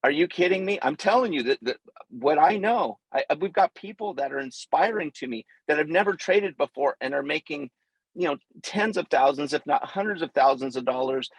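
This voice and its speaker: A man speaking as a guest on a video call, animated and excitable, stumbling over his words as he backs up a sales pitch. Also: normal speed, creaky, husky, no room sound, rough recording. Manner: animated, excitable, stammering restarts. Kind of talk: casual endorsement on a call.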